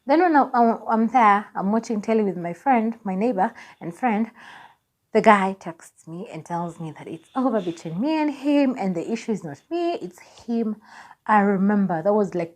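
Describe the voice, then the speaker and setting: Kenyan lady in her 20s vlogging, chatty storytelling, laughs a lot, middle pitch. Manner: animated, laughing, acts out dialogue. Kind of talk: personal storytelling.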